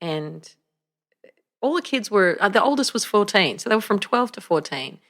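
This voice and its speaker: A woman who co-leads a church as pastor, telling lively stories in casual conversation with laughs and frequent restarts. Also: medium pitch, moderate pace. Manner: animated, laughing, many restarts. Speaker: guest, co-lead pastor.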